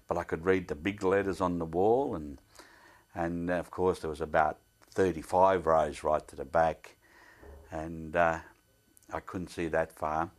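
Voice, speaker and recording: A man's voice: low-pitched, steady tone, unhurried. An older man telling a personal story in a plain, earnest way, often speaking of his faith. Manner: plain-spoken storyteller, acts out the voices of others in his story. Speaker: interviewee.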